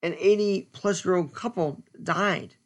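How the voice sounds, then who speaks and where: A man giving an earnest, stern solo commentary as a podcast host, speaking deliberately with pauses. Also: high voice.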